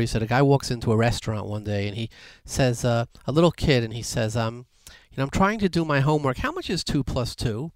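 A rabbi delivering a sermon in an animated storytelling way, changing his voice as he acts out the people in his anecdotes. His voice sits in a middle range for a man. The recording is dry and close. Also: medium pitch, dry recording. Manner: animated storyteller, lively voice shifts.

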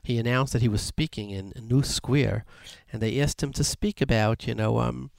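A man giving a sermon as a rabbi, telling anecdotes and jokes with lively voice shifts. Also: medium pitch, moderate pace, vocal fry, dry recording. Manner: animated storyteller, lively voice shifts.

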